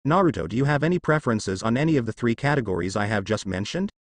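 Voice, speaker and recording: A man's voice: mid-range voice, lively intonation, quick pace, dry recording, close to an everyday voice. A man voicing a stern, commanding elderly male village leader in a fan fiction reading. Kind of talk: fan fiction read-aloud.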